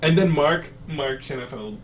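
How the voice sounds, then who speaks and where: A man's voice: on the high side, moderate pace, a little hiss or hum. A man co-hosting a casual chat, chatty and often hesitating. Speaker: podcast co-host. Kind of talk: casual chat between matches. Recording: distant mic with faint ambience.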